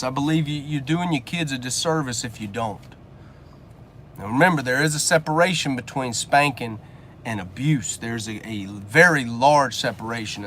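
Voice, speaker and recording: A man's voice: mid-range voice, a bit bright, a little hiss or hum. A man giving a blunt, preachy motivational rant from his car, swearing casually as he talks to his viewers. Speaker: business coach and channel host.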